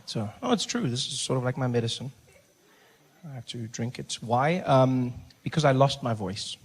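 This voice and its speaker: A middle-aged man from South Africa performing a stand-up routine, telling a story in an animated way, acting out other voices and dropping to a soft hush for jokes. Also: mid-range voice, normal speed, slightly rough. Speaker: stand-up comedian. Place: stage.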